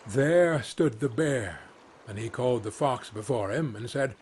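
A man's voice: medium pitch, darkish tone, breathy edge. A man narrating fairy tales as a soothing bedtime reading. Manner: slow, soothing storytelling. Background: faint ambient sounds.

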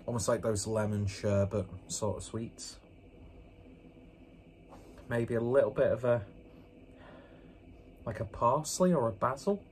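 A man's voice: mid-range voice, measured pace, pauses often, darkish tone, a little hiss or hum. A man doing a casual beer review vlog, rambling along with joking, self-mocking asides, indoors with a fan running.

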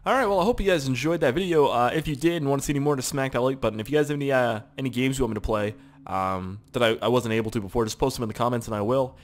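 A young man casually commenting on his gameplay with excitable, profane wisecracks. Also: medium pitch, very fast. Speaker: gaming channel host. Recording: loud gunfire and game audio behind. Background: game gunfire and explosions.

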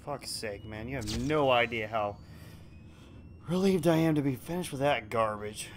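A man hosting a gaming channel, giving let's play commentary full of frustrated swearing and yelling at the game. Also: medium pitch, moderate pace, slight background noise.

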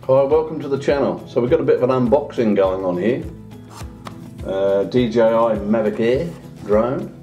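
A man's voice: lively intonation, normal speed, mellow, highs cut off, soft background music. A man talking casually through a home vlog, unboxing a drone and chatting as he goes. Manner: chatty, talks to his dog in a high singsong voice. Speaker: vlogger.

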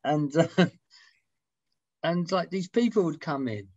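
A middle-aged man on a video call, telling animated anecdotes as an interview guest, swearing casually and acting out quotes. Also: fairly high pitch, slow, no room sound, highs cut off. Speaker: interview guest, music writer.

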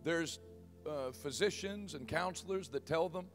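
A forty-something male pastor preaching with fervor, his voice rising loud in praise. His tone sits a bit high for a man, and soft music plays underneath. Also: measured pace. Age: 40s. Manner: emphatic, bursts loud in praise. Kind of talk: sermon.

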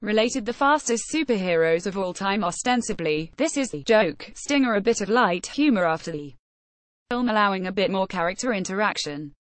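A woman's voice: mid-range voice, animated, moderate pace, no echo. A woman narrating a scripted explainer, reading out an article word for word, page labels included.

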